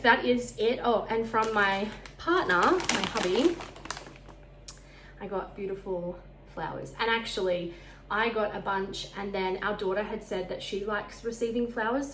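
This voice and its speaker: A woman in her thirties with an Australian accent, chatting casually to camera about her week, talking fast enough to sound out of breath. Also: mid-range voice, a bit bright, reverberant, slight background noise, poor audio. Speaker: vlogger. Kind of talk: casual chat.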